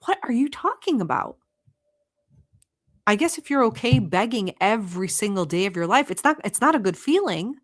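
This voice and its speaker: A woman from the Middle East hosts a reaction channel, calling out what she sees in clips in a blunt, profane, animated way. Her voice sits at an ordinary middle pitch, and her sarcasm comes through clearly. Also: moderate pace.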